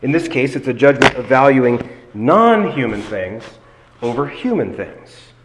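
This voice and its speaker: A man delivers an expository sermon in a deliberate, emphatic way, drawing out key phrases slowly. His voice sits at a middling pitch. The sound carries a long reverb from a large hall. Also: lively intonation, background noise. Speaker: preacher.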